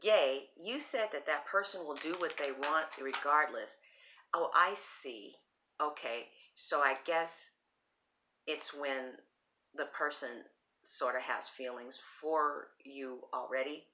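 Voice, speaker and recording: A woman's voice: sits low, takes it slowly, pushed and bright. A woman reading tarot cards in a casual vlog, rambling, blunt and swearing freely. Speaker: tarot reader.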